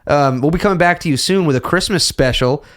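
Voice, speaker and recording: A man's voice: on the high side, fast talker. A young man co-hosting a movie podcast in casual, joking chat, with a profane, playful manner. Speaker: podcast co-host.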